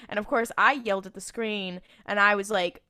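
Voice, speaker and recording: A woman's voice: medium pitch, moderate pace, smooth. A woman co-hosting a podcast, recapping episodes in casual chat and acting out the characters' lines. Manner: animated storytelling with quoted voices and laughter. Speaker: podcast co-host.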